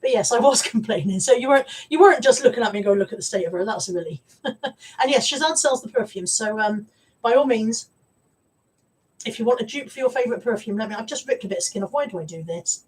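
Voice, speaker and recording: A woman's voice: on the high side, expressive, fast talker, darkish tone, breathy edge, far from the mic, rough recording. A woman hosting a casual live stream, chatty and rambling as she greets viewers. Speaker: live-stream host and reseller.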